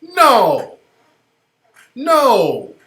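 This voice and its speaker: A man's voice: very high voice, wildly swooping pitch, extremely slow. A man hosting a radio show, giving emphatic, slangy commentary over a video clip. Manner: emphatic, slangy, rising loud when worked up. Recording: roomy echoey sound.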